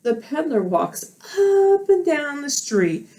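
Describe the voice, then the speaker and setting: Slow, animated teacher at home. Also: female voice, high-pitched. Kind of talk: storytelling role play for children. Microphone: camera.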